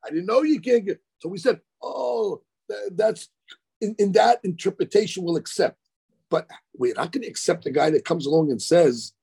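A man's voice: high-pitched, lively intonation, moderate pace, gravelly, mellow, breathy edge. A man giving a daily Talmud lecture, explaining animatedly with frequent stammered restarts. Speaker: Talmud teacher.

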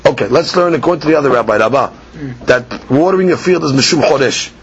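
A man teaching a Talmud lesson, chanting the text in a sing-song and then explaining it quickly, asking and answering his own questions. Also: mid-range voice. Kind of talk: Talmud lecture. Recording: dull lo-fi podcast recording with faint ambience.

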